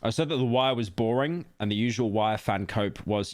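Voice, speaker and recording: A man's voice: normal speed, dry recording. Rambling jokey man. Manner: jokey, rambling, with sudden high-pitched exclaims. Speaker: streamer reacting to a video. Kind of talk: casual reaction commentary.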